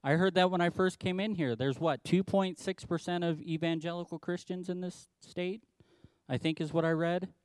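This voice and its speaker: A man pastor preaching a sermon, telling the story in an animated way and acting out the quotes himself. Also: sits high, moderate pace, clean tone, no echo.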